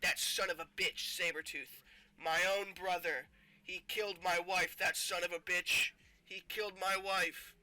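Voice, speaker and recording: A man voicing a furious, grieving clawed mutant man who rants loudly. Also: high-pitched, fairly even intonation, quick pace, few pauses, rough recording.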